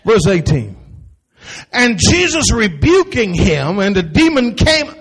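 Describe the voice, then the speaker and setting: A man preaching a sermon, animated and folksy, with quick asides to the congregation and acted-out quotes. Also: sits high, breathy edge. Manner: acts out voices of the people he quotes. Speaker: pastor.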